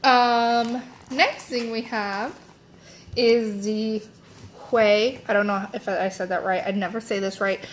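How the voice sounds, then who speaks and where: A woman's voice: medium pitch, steady tone, unhurried. A young woman chatting casually as she unboxes beauty products, rambling with lots of fillers and self-corrections. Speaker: beauty vlogger.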